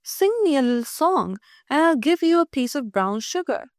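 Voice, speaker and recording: A young princess in a storybook coaxes her pet bird in a soft, fond voice, as a woman puts her on. The voice is high and the sound is dry and close. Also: big pitch swings, moderate pace, dry recording. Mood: coaxing. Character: young doting princess, gentle and possessive.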